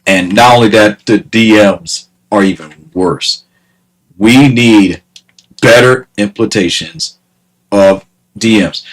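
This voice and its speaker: A man's voice: mid-range voice, lively intonation, measured pace, fairly bright tone, low-quality recording. A man ranting casually to camera, exasperated, repeating himself and breaking into laughter. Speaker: vlogger.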